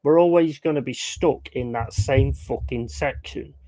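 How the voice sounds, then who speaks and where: A man's voice: mid-range voice, measured pace, warm tone, no room sound, poor audio. A man hosting a casual watch-along chat, blunt and opinionated, swearing freely and reading out viewer comments.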